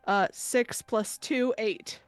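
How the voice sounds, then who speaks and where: A woman's voice: a little high, fairly even intonation, takes it slowly, clean tone, dry recording, faint music behind. A woman playing a tabletop game, giggling and hesitant, often unsure of the rules. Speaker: player.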